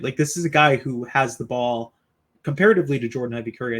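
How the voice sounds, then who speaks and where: A man hosting a sports podcast, chatting casually and asking his co-hosts for predictions. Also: mid-range voice. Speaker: podcast host.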